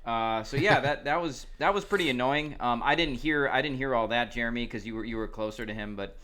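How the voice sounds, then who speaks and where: Blunt man with a bright voice. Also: medium pitch, brisk. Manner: blunt, opinionated storytelling. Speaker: podcast co-host. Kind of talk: casual chat.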